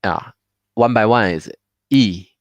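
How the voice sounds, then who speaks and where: A man's voice: low-pitched, slow, smooth, no room sound. A man teaching a live online class, patiently drilling words aloud with many fillers. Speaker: Mandarin teacher. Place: home.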